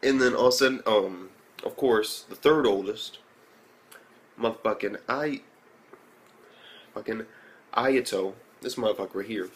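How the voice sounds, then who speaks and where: A young man casually recapping and reviewing an anime episode, rambling and profane with many fillers, and excitable. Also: unhurried, pauses often. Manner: excitable, jumps into high reactions.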